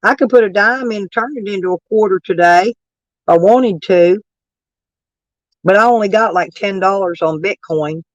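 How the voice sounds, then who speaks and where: A woman's voice: medium pitch, moderate pace, dry recording, lo-fi sound. Woman, livestream rant, brash and profane, allergy-worn voice, dry sound. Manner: brash, profane, argues with chat. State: voice lowered and rough from allergies. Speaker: livestream host reading chat.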